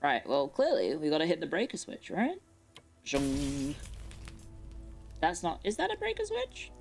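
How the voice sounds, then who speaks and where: Young woman streaming a game from her bedroom, low voice, jumpy and chatty, faint music behind. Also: huge pitch swings, unhurried, darkish tone. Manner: chatty, nervous, repeats herself when spooked. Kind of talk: live game stream commentary. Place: bedroom at home.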